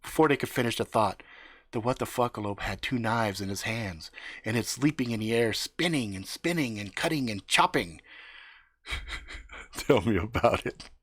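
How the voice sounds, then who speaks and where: A man's voice: medium pitch, normal speed, a bit bright, no room sound, studio quality. A man improvising a profane story live on stream, dropping laughing asides. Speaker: livestream storyteller.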